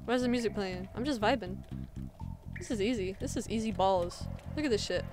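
A woman's voice: medium pitch, a little fast, music in the background. A young woman streamer goofing around and swearing freely while commenting on a game she plays. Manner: goofy, loud, swears freely. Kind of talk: let's play commentary.

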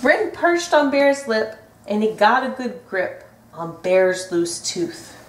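A woman reads a picture book to children, gentle and sing-song, slow and fairly high. She sounds far from the mic in an echoey room. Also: very animated, a little hiss or hum. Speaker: storybook reader. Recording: roomy echo from a distant mic.

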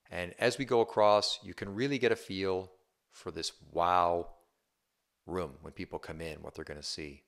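A male real estate agent talking a viewer through a home tour, upbeat and chatty, often checking in with "right?". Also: low-pitched. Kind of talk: casual home tour walkthrough.

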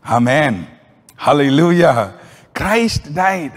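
A man preaching a sermon as a pastor, telling stories with lively swings in pitch and volume. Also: normal speed, slightly rough, in a large hall.

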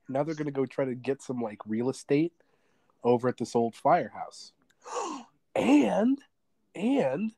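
A man's voice: fairly high pitch, dark tone, dry recording. A young man co-hosting a podcast, telling stories animatedly and laughing often. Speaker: podcast co-host. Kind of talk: casual chat.

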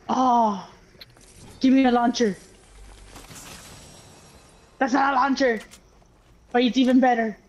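A woman's voice: sits high, fairly even intonation, slow pace, long pauses, dull audio. A woman gamer chatting casually while playing, playful and crude, swearing a lot. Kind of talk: casual gaming chat.

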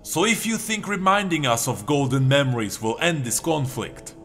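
A man's voice: a little high, lively intonation, moderate pace, a bit bright, soft background music. A man voicing a bitter, blunt male warrior god who snaps and snarls his lines in a storybook reading. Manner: curt, snarling.

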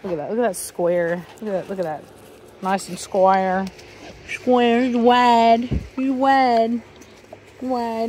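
Chatty woman breeder, brisk and bright. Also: fairly high pitch, a little hiss or hum. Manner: chatty, scolds dogs sharply then coos softly. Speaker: dog breeder. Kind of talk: casual vlog talk to camera and dogs. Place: outdoors in a dog yard.

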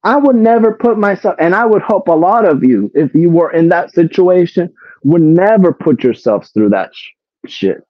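A man's voice: high-pitched, animated, normal speed, no room sound. A man giving casual commentary to his live chat, exasperated, swearing and repeating himself as he keeps throwing rhetorical questions at his viewers. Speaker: commentary streamer. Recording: tinny phone-like sound, dry.

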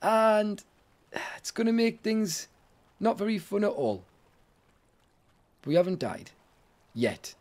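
A man's voice: high-pitched, very animated, slow, pauses often, darkish tone. A man giving casual, jokey let's-play commentary, talking to himself and to chat as he plays. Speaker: gaming streamer.

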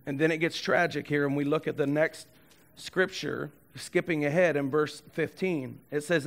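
A man with a notably high voice preaches a sermon as the pastor. He retells the story with animated energy and slips into the characters' voices as he goes. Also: moderate pace, creaky.

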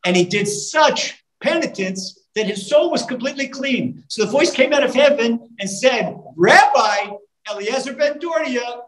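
A male rabbi delivers a live sermon to an audience, retelling stories with lively, animated fervor. His voice carries through a roomy, echoing hall. He breaks into snatches of song and builds his points to impassioned emphasis. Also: very high-pitched, normal speed, hardly any pauses. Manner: animated storytelling with sung lines and rising fervor. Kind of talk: storytelling sermon. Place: live talk in a room.

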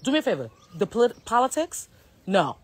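A woman's voice: a little high, sing-song, fairly quick. An American woman hosting a live stream, ranting bluntly to her viewers, swearing freely and calling them bro. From United States. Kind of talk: casual live-stream rant.

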